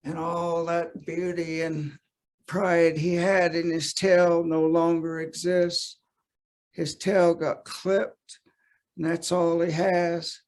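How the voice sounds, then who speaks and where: A man telling a traditional folk tale in a gentle, unhurried way with many "uh" pauses, recorded on a webcam during a video call. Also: fairly high pitch, little pitch movement. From United States. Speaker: storyteller. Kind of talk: traditional oral storytelling.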